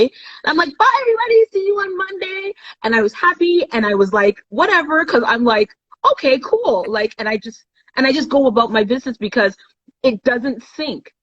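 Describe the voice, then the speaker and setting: A woman's voice: fairly high pitch, a bit bright, muffled recording. Woman guest, candid storytelling, acts out voices, live chat.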